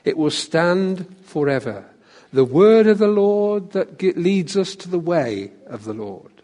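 A man preaching a sermon who asks the congregation questions and drops to a hush on key phrases. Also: high-pitched, sing-song, unhurried, long reverb tail.

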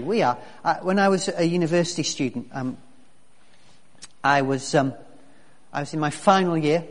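Pastor preaching in a reverberant hall. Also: male voice, a little high, normal speed. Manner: conversational, with many restarts and fillers. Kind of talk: sermon. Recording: long reverb of a large hall.

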